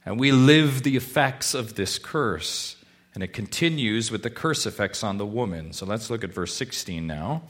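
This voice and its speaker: A man preaching a sermon to his congregation, asking rhetorical questions and swinging from hushed, slow stretches to loud, emphatic ones. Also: on the low side, expressive. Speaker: pastor.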